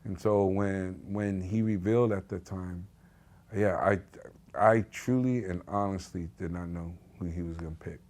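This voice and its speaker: A middle-aged father recounts family moments in an easy, storytelling way. His voice sits a little low. It is a sit-down documentary interview. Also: steady tone, measured pace, darkish tone. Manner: conversational storytelling. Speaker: parent of an athlete.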